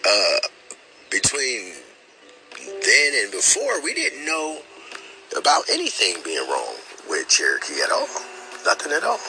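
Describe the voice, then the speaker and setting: A young man tells a personal story in a halting, earnest way, repeating words and using many fillers. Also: mid-range voice, wildly swooping pitch, over music, low-quality recording. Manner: earnest and emotional.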